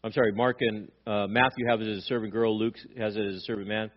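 A man's voice: fairly low pitch, little pitch movement, quick pace, highs cut off. A male pastor preaching a sermon, asking rhetorical questions and acting out quoted dialogue with emphasis.

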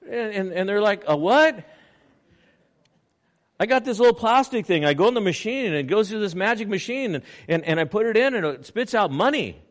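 A man preaching a sermon, animated, acting out little scenes in quoted voices. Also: quick pace, few pauses. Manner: animated preaching with swings in pitch and loudness. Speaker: pastor.

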